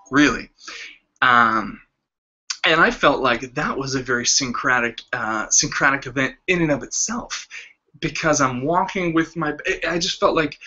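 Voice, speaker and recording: A man in his thirties, casually telling a story as a vlogger and acting out the quoted lines with lively voices. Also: medium pitch. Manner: animated, acts out quoted lines with shifting voices. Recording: slightly dull lo-fi sound.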